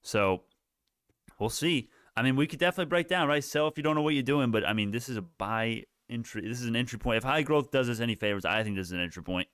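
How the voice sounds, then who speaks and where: A man's voice: medium pitch, quick pace, a bit bright, smooth, no room sound, studio quality. A man hosting a live stock market stream, commenting on price moves in a rambling way, often correcting himself mid-sentence and swearing now and then. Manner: rambling, self-correcting, profane. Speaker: livestream stock market host.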